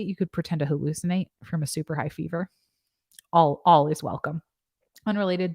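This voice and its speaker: A young woman nurse practitioner talks through guidelines on a casual livestream, joking with asides and reading out viewer comments. Her voice sits a little low for a woman. The sound is dry and close, with no room echo. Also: smooth. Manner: chatty and joking, with asides and fillers. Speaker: nurse practitioner and channel host.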